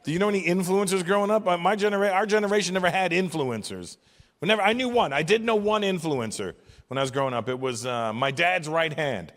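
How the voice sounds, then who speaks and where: A man in his fifties performs stand-up on a big stage, his fairly high voice ringing with long hall reverb. He's profane and animated, jumping into quick acted voices for the people he mocks. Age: 50s. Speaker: stand-up comedian. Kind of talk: stand-up comedy routine. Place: large live venue with audience.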